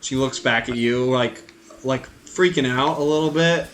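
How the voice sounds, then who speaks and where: Man running a tabletop game, halting. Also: medium pitch, slight background noise. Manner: relaxed, halting narration with many fillers. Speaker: game master. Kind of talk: narrating a tabletop game over a call.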